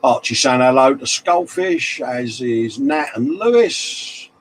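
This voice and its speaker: A man's voice: medium pitch, sing-song, takes it slowly, a little hiss or hum, low-quality recording. Chatty man hosting a live stream. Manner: matey banter, reads viewer comments aloud. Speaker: live stream host reading chat. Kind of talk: casual chat.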